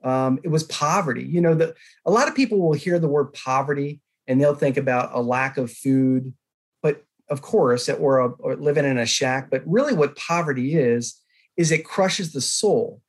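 A man as a podcast guest, telling a life story in an earnest, animated way. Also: mid-range voice, normal speed. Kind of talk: conversational interview.

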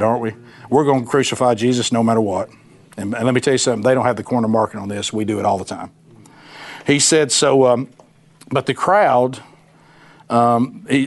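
A man leads a Bible study and teaches in a relaxed, conversational way. He is folksy and animated, and he slips into quick impressions of the people in the scripture he reads. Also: mid-range voice. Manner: folksy, animated, acts out voices of Bible figures.

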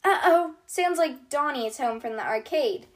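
A woman's voice: high voice, expressive, moderate pace, voice pushed up. Woman doing a caring little girl doctor. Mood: cheery. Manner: bright, kind, reassuring. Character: cheerful, caring young girl toy doctor. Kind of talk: storybook read-aloud for kids.

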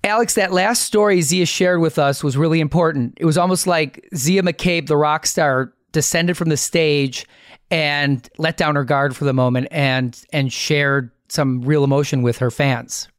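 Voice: medium pitch, steady tone, a little slow, no echo, studio quality. A co-host of an interview show, reflecting conversationally on the guest's story. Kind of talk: casual interview chat.

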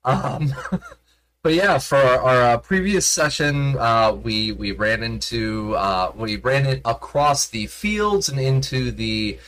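A man runs a tabletop game on a stream and talks in a loose, rambling way, often stopping to restart. His voice sits in the middle range. He sounds relaxed and unscripted. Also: mid-range voice, slow pace, few pauses, rough recording. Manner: rambling, with many fillers and restarts. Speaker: game master. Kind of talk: casual stream chat as game master.

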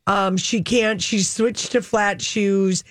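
A woman's voice: medium pitch, steady tone, slow pace, fairly bright tone, dry recording, studio quality. A woman hosting an entertainment news segment on the radio, gossiping casually and reading out press quotes.

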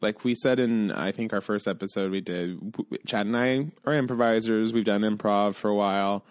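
A man's voice: fairly low pitch, a little fast, no echo, clean studio sound. A man co-hosting a podcast, chatting casually and teasing his co-host. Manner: expressive, teasing. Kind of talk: casual comedic chat.

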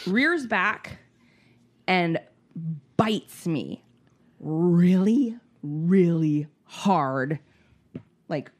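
A woman in casual chat, telling a story with lively acted-out quotes and frequent swearing. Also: fairly low pitch. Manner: animated storytelling, acts out quotes, swears freely.

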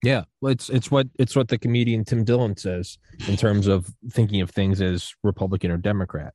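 Low-voiced male podcast host. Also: steady tone, a little fast, dark tone, dry recording, studio quality. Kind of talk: casual conversation.

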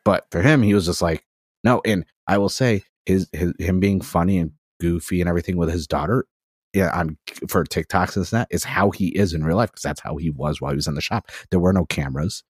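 Low, husky man telling a rambling story. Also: brisk, dry recording, studio quality. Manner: rambling storyteller, heavy on "I was like" quotes. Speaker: podcast guest. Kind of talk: casual podcast chat.

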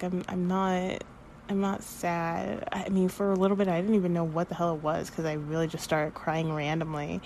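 A woman's voice: lowish voice, darkish tone, a little hiss or hum. A woman in her thirties hosting her own podcast, talking candidly and emotionally, rambling and swearing freely, close to tears. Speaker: podcast host. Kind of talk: casual spiritual podcast monologue.

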